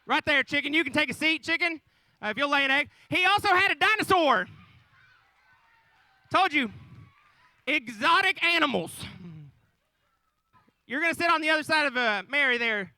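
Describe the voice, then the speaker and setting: A man's voice: very high voice, animated, normal speed, long pauses, sharp tone, no room sound, rough recording. A man in his thirties telling a folksy, joking nativity story to a live audience, with asides to the crowd. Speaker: storyteller on stage. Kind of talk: comic live retelling of the nativity.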